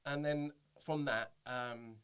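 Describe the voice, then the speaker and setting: A man's voice: mid-range voice, slow pace, smooth. A man, an impressionist, telling anecdotes animatedly in a casual interview and slipping into voices as he goes. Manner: animated storytelling, jumps into voices, laughs often. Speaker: guest, impressionist.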